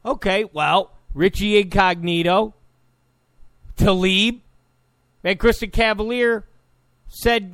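A man's voice: high voice, takes it slowly, long pauses, a bit bright, dry recording. A man delivering a combative, sarcastic political monologue, repeating points for emphasis. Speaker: political commentator. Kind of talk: opinionated monologue.

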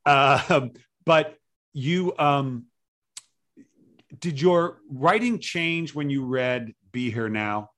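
A man's voice: mid-range voice, expressive, extremely slow, pauses often, fairly bright tone. A man hosting an interview, asking rambling questions and laughing along supportively. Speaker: interview host. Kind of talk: conversational interview.

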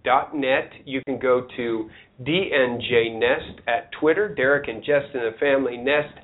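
An easygoing male host wrapping up a small talk show with jokes and plugs. His voice sits at an ordinary middle pitch. The sound is thin and tinny, like a phone line. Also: a little slow. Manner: joking and plug-heavy, easygoing. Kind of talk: casual talk-show sign-off.

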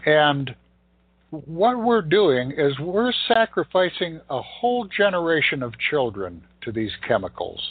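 A man's voice: fairly high pitch, very animated, unhurried, husky, dry recording. A man, a beekeeper guest in an interview, speaking bluntly and emphatically with indignation. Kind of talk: interview talk. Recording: tinny phone line, dry.

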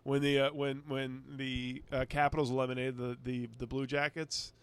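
A man's voice: mid-range voice, level tone, clear, resonant tone. A man co-hosting a casual sports podcast, rambling and restarting his sentences as he works out what he thinks. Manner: rambling, halting, many restarts. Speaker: podcast co-host.

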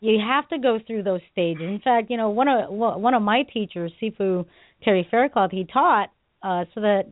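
A woman martial arts instructor co-hosting a radio talk show, telling stories in an animated way with frequent laughs and fillers. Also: medium pitch, moderate pace, no echo. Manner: animated storytelling, laughs often, many fillers. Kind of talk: casual radio chat. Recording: dry, tinny phone line.

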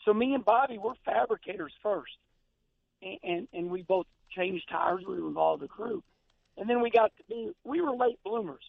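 A man's voice: high-pitched, lively intonation, moderate pace, vocal fry, no echo. A middle-aged man, a former race driver, talking as a guest on a radio show in an emphatic, folksy way, repeating words and restarting sentences. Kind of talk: casual radio chat. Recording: tinny phone line.

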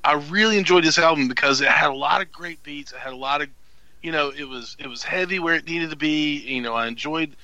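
A man's voice: a little high, a little fast, bright, forceful tone, lo-fi sound. A man co-hosting a casual podcast, laughing often and restarting his thoughts. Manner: laughs a lot, hesitant restarts. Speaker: podcast co-host.

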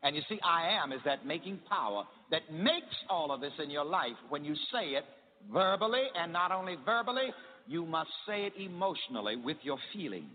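A man's voice: fairly high pitch, lively intonation, fairly quick, big-room sound, phone-quality sound, slight background noise. A man preaching a sermon in call-and-response style, having the congregation repeat his lines.

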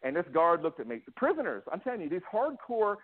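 Speaking quickly with huge pitch swings, a man with a high voice recounts his own story candidly as an interview guest. The audio sounds like a phone call, and he's emotional and restless, full of restarts and acted-out quotes.

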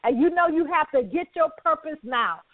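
Effusive high-voiced woman host, phone line. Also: lively intonation, normal speed, dry recording. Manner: effusive, repeats phrases, laughs often, preacher-like emphasis. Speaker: talk show host. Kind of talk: enthusiastic broadcast outro.

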